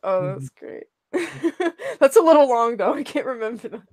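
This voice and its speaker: A woman's voice: sits high, very animated, moderate pace, darkish tone. A young woman co-hosting a streamed talk show in casual, crude chat, giggling often and trailing off with fillers.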